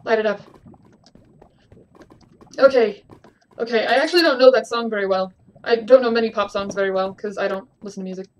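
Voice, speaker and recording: Young woman, high bright voice, jumpy let's-play talker, faint hum behind her. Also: quick pace, low-quality recording. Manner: jumpy, exclaiming, talks to game creatures. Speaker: gaming video creator. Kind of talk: casual let's-play commentary. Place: home room at a desk. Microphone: desk webcam mic.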